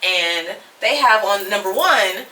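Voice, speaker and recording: Bright-voiced woman telling a story animatedly. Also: mid-range voice, slow pace. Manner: animated, laughs often, dramatic retelling. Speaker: podcast guest, first-time filmmaker. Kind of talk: casual storytelling chat. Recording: roomy sound from a distant mic, faint noise.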